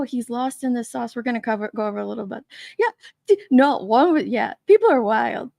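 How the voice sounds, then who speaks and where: Her voice leans high, gravelly yet mellow, animated and slightly fast, in a studio-quality recording without echo. The woman is hosting an easygoing live stream from her basement man cave, laughing frequently and greeting chatters by name.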